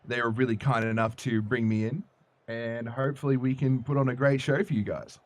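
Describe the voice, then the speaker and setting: A man casting a video game match as play-by-play commentator, jokey and excitable. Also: mid-range voice, brisk. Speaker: esports caster. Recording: music playing behind.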